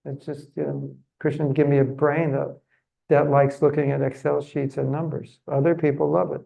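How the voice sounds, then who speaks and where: A man's voice: on the high side, little pitch movement, moderate pace, creaky, warm tone, low-quality recording. A man giving a religious seminar talk in a chatty, humorous, self-deprecating way. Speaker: seminar speaker.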